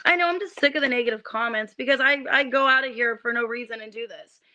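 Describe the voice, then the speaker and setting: High bright-voiced tarot reader woman. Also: fast talker, slight background noise. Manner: irritated ranting, swears, stammers on restarts. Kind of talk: livestreamed tarot reading.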